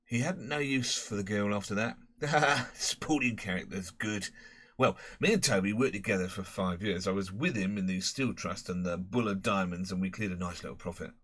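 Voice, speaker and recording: A man's voice: fairly low pitch, normal speed, fairly bright tone. A man voicing a boastful, rambling middle-aged London pub owner and former crook with a Cockney accent.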